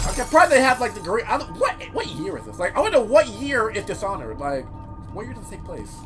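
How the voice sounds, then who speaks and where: A man narrating his gameplay with loud, profane commentary. His pitch leaps around as he shouts and exclaims. Game music runs clearly under his voice. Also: big pitch swings, fast. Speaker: gaming YouTuber. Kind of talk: profane let's-play commentary.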